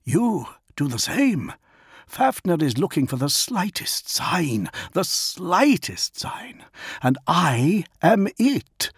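A man's voice: a little high, sing-song, slow pace, husky, dry recording, studio quality, voice pushed up, full character voice. A man voicing an earnest male adviser who speaks in an urgent, pleading way.

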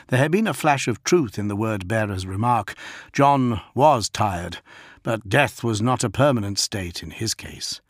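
A man narrating an audiobook in an even, unhurried reading. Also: lowish voice, no echo, studio quality. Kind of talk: scripted narration.

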